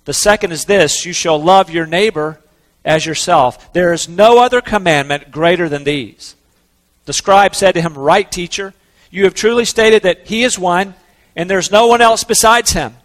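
A man preaching a sermon in an earnest, conversational way, slowing down to stress key words. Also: high voice, long reverb tail. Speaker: pastor.

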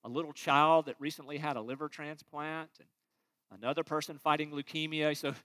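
Earnest high-voiced male preacher. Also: little pitch movement, brisk. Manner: earnest, swings from loud emphasis to soft low asides. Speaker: pastor. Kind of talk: sermon.

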